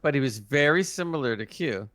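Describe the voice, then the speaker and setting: A man's voice: mid-range voice, expressive, brisk, fairly bright tone, dry recording. A man hosting a casual podcast review, explaining lore with a keen fan's enthusiasm. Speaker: podcast host.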